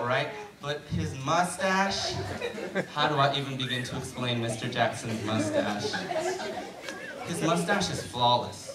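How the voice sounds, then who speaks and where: Heavy background noise and loud crowd laughter fill this distant recording of an echoey school auditorium. There, a late-teen male student with a fairly high voice does self-deprecating, chatty stand-up with many fillers, speaking into a handheld mic on a stand.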